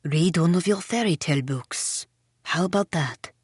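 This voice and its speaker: A woman's voice: lowish voice, normal speed, darkish tone, slightly rough, no room sound, clean studio sound. A woman reading the part of a curt, weary young mother with a clipped, firm delivery in an audiobook. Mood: dismissive.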